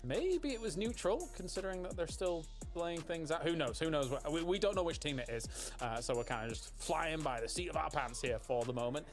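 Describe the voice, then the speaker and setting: A man's voice: on the high side, animated, fairly quick, faint music behind. A man hosting a live esports panel in an upbeat, chatty way, laughing often. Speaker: esports caster leading the panel.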